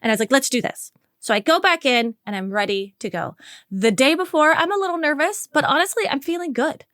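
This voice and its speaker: A woman's voice: sits high, animated, fairly quick, fairly bright tone, no room sound, studio quality. A woman in her forties, a podcast host, telling a personal story in a candid, earnest, conversational way. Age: 40s.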